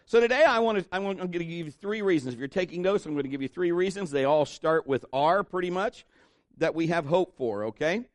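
Man, pastor, middle-aged, conversational sermon, fairly high voice, dry close sound. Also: lively intonation, brisk, no echo. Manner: conversational, joking, with asides to the congregation.

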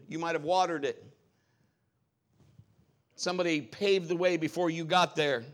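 High bright-voiced preaching man. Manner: animated storytelling, acts out quoted voices. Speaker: pastor. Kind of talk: sermon.

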